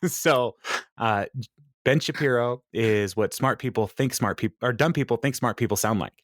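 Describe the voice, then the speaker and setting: A man co-hosting a podcast, recapping a sitcom episode in casual, animated, opinionated chat. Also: mid-range voice, moderate pace, no room sound, studio quality.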